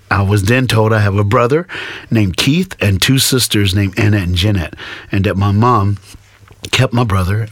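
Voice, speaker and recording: A man as an interview guest, telling his life story with animated acted-out dialogue. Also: fairly low pitch, dry recording. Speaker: guest speaker.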